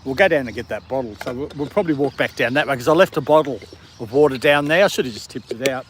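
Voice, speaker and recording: A man from a country town with an Australian accent, hosting a casual outdoor livestream with his dog. He talks in a relaxed, rambling way and chuckles often. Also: mid-range voice, fast, slight background noise. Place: outdoors in a city park in the evening.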